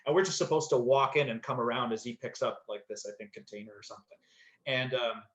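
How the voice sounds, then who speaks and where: A man's voice: mid-range voice, fast talker, fairly bright tone. A man, an actor, casually telling a story in a rambling way, with many fillers and restarts. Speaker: actor, podcast guest. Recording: slightly dull echoey room sound.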